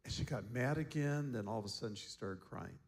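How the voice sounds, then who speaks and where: A man giving a seminar talk as a counselor, telling stories in a relaxed way and chuckling often. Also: on the low side, fairly quick, vocal fry. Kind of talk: storytelling talk to a seminar group.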